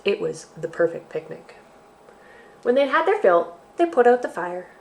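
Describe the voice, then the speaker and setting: A woman hosting a library storytime for children, reading a picture book aloud in an expressive, sing-song way. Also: medium pitch, normal speed, creaky, slight background noise.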